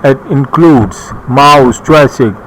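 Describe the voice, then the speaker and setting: A man with a Bangladeshi English accent teaching a recorded computer lesson, reading his notes slowly with pauses and some restarts. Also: medium pitch, a bit bright, poor audio. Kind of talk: recorded classroom lecture. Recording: faint background noise.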